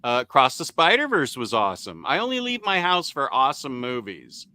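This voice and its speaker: A man hosting a casual podcast chat, talking haltingly with many ums and restarts. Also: mid-range voice, wildly swooping pitch, pushed and bright, no room sound. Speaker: podcast host. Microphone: USB microphone on computer.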